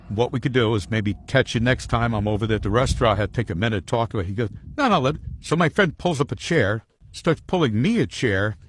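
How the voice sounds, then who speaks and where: Low-voiced man, lively anecdote teller, dry recording. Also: dry recording. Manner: animated storyteller acting out quoted lines. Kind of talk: storytelling anecdote.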